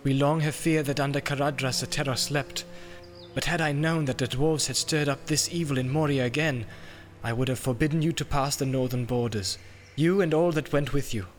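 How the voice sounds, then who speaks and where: A man's voice: mid-range voice, fairly quick, faint music behind, voice pushed up, close to an everyday voice. A man reading an audiobook, voicing a proud, wise elf lord who speaks sternly and formally.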